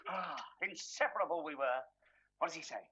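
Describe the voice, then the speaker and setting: A man playing a loud, boastful, bigoted middle-aged British husband in a 1970s studio sitcom. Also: on the high side, a little fast, heavy background noise, natural voice. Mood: blustering. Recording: dull TV sound with studio audience laughter.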